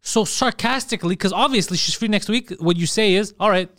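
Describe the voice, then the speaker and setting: Male co-host, high voice, dry sound, lively storyteller who mimics voices. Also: fairly quick, dry recording. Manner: animated storyteller, mimics others in quotes. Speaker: podcast co-host. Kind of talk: casual comedy podcast chat.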